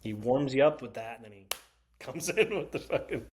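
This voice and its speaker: A man on a podcast as a comedian guest, telling animated stories with swearing and lots of laughter. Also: medium pitch, normal speed, slight background noise. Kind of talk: casual podcast chat.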